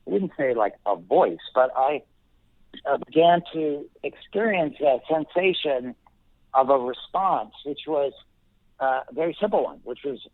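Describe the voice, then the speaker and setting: A middle-aged man telling a personal story as an interview guest, thoughtful and halting, pausing often and restarting his sentences. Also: mid-range voice, lively intonation, no echo. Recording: dry tinny phone line.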